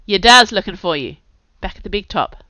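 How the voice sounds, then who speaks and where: A woman's voice: on the low side, lively intonation, normal speed, pushed and bright, dry recording. A woman voicing a tough, wry young male drifter who taunts casually, on a dull, dry lo-fi recording. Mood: breezy.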